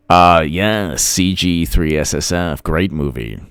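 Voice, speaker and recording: A man's voice: low-pitched, slow pace, hardly any pauses, a bit bright, clear, resonant tone, no room sound, clean studio sound. A man hosting a political live stream, rambling and repeating himself with many fillers as he thanks viewers.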